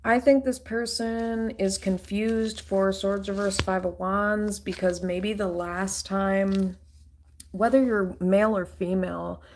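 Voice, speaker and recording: A woman in an unscripted tarot reading who talks bluntly and swears freely. Her delivery is loose and rambling, full of fillers and restarts. Her voice sits at an ordinary pitch for a woman. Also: a little mellow. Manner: blunt, profane, ranting. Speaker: tarot reader.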